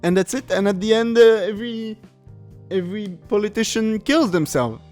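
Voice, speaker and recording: A male podcast host with a slightly higher voice rambles through a comedic review of a bad film. He laughs often and leans on filler words. Faint music sits underneath. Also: expressive, normal speed, darkish tone.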